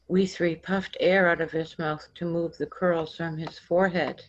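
A woman reads her own story aloud in a measured storybook manner. Her voice sits low and she takes it very slowly. The recording sounds dull and lo-fi. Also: fairly even intonation. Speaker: author reading her vision. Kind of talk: storybook reading.

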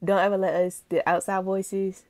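A woman's voice: medium pitch, moderate pace, no room sound. Chatty, emotional woman reaction vlogger, dry sound. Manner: chatty, animated, addresses viewers as y'all; emotional, gushing. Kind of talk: casual reaction vlog.

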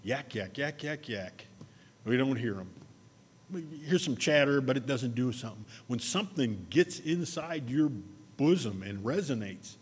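A man preaching a sermon, telling a personal story in a conversational way and slowing down to stress key words. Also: mid-range voice, animated, slightly rough, in a large hall. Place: church sanctuary.

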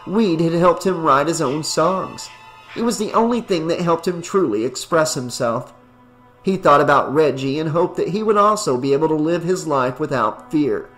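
A man giving a steady audiobook narration of a horror story. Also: on the high side, moderate pace, soft background music.

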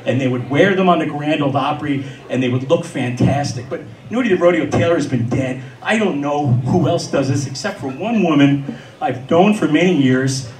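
A man's voice: fairly high pitch, moderate pace. A man telling a funny story at a live storytelling event, acting out the people in it. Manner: lively, acts out the voices of the people in his story. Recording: echoey room, mic far off.

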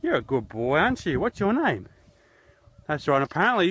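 A slightly high-pitched Australian man goofs around on a vlog out in a horse paddock. He rambles and mocks himself into a handheld camera. Faint background noise sits under his voice. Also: big pitch swings, moderate pace, pauses often, a bit bright, muffled recording. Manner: jokey, rambling, self-mocking. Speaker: YouTuber host. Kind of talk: goofy outdoor vlog.

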